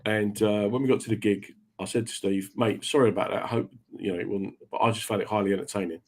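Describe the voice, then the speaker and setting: A man's voice: on the low side, steady tone, fast talker, a little mellow. Chatty man hosting a show. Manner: chatty, swaps into voices when quoting people. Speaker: radio show host. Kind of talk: casual chat, telling stories.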